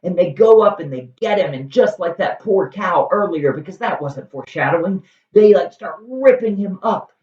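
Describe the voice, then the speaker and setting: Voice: mid-range voice, lively intonation, moderate pace, few pauses, darkish tone. A host casually retelling a classic play, wry and conversational with lots of animation. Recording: roomy, distant, dull lo-fi.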